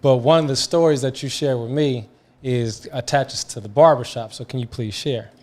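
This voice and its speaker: A man's voice: mid-range voice, moderate pace, darkish tone. A man hosting a podcast, casually prompting a longtime friend to tell her story. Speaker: podcast host. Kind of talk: casual interview.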